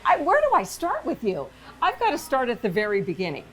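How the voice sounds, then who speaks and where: A woman's voice: fairly high pitch, wildly swooping pitch, a little fast, a bit bright. Bubbly older woman hosting on location. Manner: bubbly, laughs often. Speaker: TV show host. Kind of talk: on-location interview. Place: busy restaurant at lunch. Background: diners chatting and laughing.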